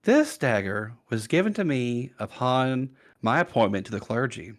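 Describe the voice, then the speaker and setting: A man voicing a scheming male villain cleric who keeps secrets, talking softly and savoring his threats in a tabletop game. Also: medium pitch, lively intonation, moderate pace, lightly acted. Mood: menacing. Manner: soft, menacing, savoring.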